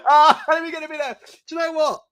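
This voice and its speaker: A man hosting a live boxing chat stream from home, talking casually, repeating himself, swearing freely and laughing loudly. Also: very high voice, fairly even intonation, brisk. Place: home room.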